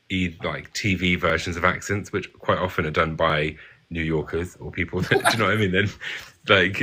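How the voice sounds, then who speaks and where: A man's voice: sits low, bright, forceful tone, breathy edge. A British man chatting as a guest over a video call, self-deprecating and full of restarts. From Britain. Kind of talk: casual group chat on a live stream.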